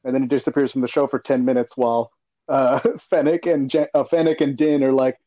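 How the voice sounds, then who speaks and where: Lively man retelling a scene, dull lo-fi sound. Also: mid-range voice, brisk. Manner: animated retelling, acts out reactions. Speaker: panel guest. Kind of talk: casual panel chat.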